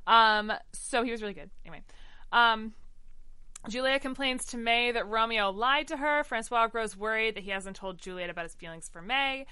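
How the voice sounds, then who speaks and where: Bright upbeat woman rambling happily, kinda high, dry close sound. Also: normal speed, clean tone, no room sound. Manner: chatty, enthusiastic, lots of fillers. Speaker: podcast co-host. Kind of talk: casual chat recapping a musical.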